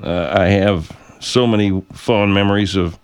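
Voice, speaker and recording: Low-voiced rambling radio host man. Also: steady tone, measured pace, smooth. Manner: meandering, self-interrupting, swears freely. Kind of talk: rambling casual monologue.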